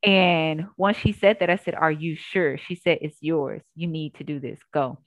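A woman yoga instructor telling her story in a casual interview, earnest and animated, acting out what people said. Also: deep voice, normal speed, no echo.

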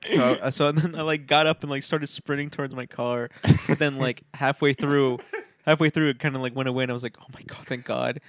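A man's voice: medium pitch, fairly even intonation, brisk, fairly bright tone, no room sound. A young man co-hosting a casual podcast, rambling through stories and laughing as he talks. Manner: rambling storyteller, laughs while talking. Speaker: podcast co-host. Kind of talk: casual chat.

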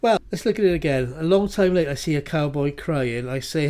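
A man's voice: a little high, expressive, a little mellow. A man co-hosting a podcast, chatting and laughing as he teases his friend about a TV clip. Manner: laughing, bantering, quick to tease. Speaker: podcast co-host. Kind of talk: casual chat reacting to a TV clip.

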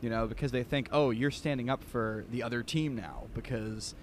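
A man's voice: medium pitch, normal speed, a little hiss or hum. A man talking as a guest on a casual podcast, chatty and full of restarts. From United States.

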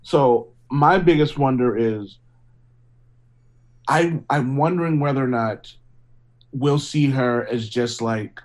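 A man's voice: medium pitch, takes it slowly, pauses often, poor audio. A man talking through his opinions in casual chat, rambling with lots of fillers. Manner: rambling, lots of "like" and "you know what I mean". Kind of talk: casual discussion.

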